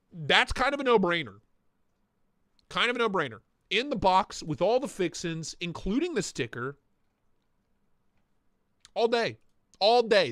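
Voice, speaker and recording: A man's voice: high voice, fairly bright tone, no echo, studio quality. A man hosting a casual live stream, riffing and joking with mock indignation, with a stuffy, blocked nose. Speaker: livestream host reviewing knife listings.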